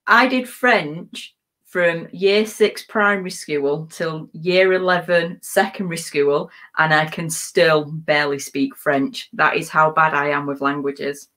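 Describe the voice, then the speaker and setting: A woman with a fairly low voice reads viewer comments aloud on a live stream. She giggles easily between the lines. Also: steady tone, unhurried, pushed and bright. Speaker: co-host reading viewer comments. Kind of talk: casual live-stream chat.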